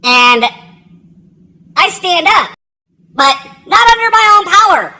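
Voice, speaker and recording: Speaking slowly in a very high-pitched, pushed and bright voice, a woman who served in the military recounts her past in a loose, meandering way. She's very animated, curses freely and laughs at herself, and the recording is rough.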